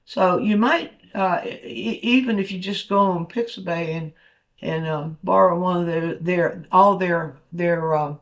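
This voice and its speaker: High-voiced man teaching while painting. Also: unhurried. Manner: thinks aloud while painting, with fillers and restarts. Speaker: painting instructor. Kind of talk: painting demonstration talk.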